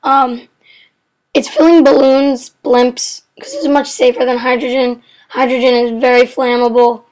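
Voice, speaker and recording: High-voiced rambling student explainer. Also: female voice, steady tone, measured pace, a little mellow. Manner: rambling, often sidetracked and self-correcting; apologetic, unsure asides. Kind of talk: casual educational explainer.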